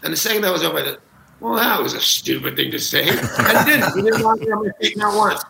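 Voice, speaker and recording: A man's voice: high-pitched, lively intonation, fast, vocal fry, reverberant, heavy background noise. A man, a talk show guest, telling comic anecdotes with gusto, acting out quotes and laughing at his own jokes. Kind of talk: animated comic storytelling.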